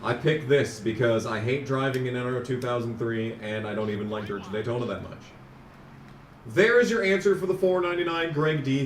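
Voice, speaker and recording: A man streaming a racing game, chatting casually and ranting sarcastically, sometimes mocking a fast auctioneer. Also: mid-range voice, echoey room, far from the mic, slight background noise. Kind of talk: casual live-stream commentary.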